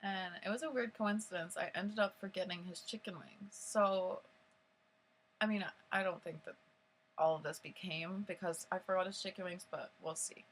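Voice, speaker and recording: A woman's voice: on the low side, fairly even intonation, normal speed, rough recording. A young woman telling a personal story in casual vlog style, rambling with lots of fillers and swearing. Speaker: vlogger.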